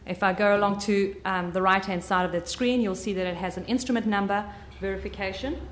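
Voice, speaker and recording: Woman with a soft southern drawl. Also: mid-range voice, steady tone, brisk, a little hiss or hum. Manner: chatty, self-correcting, frequent ums. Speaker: software trainer. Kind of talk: live software training demo.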